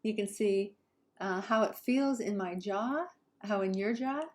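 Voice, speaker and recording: Woman, Southern Californian accent, English pronunciation teacher, unhurried and careful, demonstrates sounds for learners to repeat. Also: medium pitch. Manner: slow, careful, models sounds for repetition. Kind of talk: pronunciation lesson.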